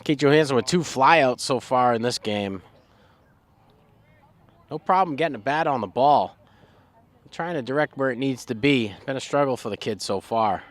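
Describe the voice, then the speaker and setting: A man doing color commentary for a high school softball game, talking through player stats in a relaxed way. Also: normal speed, pauses often.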